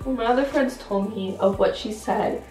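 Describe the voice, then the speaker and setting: A woman's voice: on the high side, normal speed. Shy teenage girl chatting, roomy sound. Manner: soft-spoken, hesitant, many fillers. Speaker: channel co-host. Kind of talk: casual sit-down chat. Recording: roomy sound, mic at a distance, faint music.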